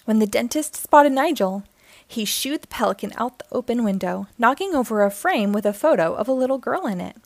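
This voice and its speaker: A woman's voice: fairly high pitch, animated, fairly quick, creaky, no echo. Dry, close woman reading a children's storybook. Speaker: children's book reader. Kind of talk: reading a picture book aloud.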